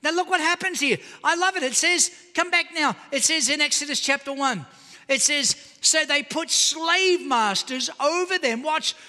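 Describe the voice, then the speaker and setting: Male pastor preaching with a piercingly bright voice, lively and pleading. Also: very high voice, moderate pace, in a large hall. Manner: animated preaching, calls out to the congregation. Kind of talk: sermon. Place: church auditorium.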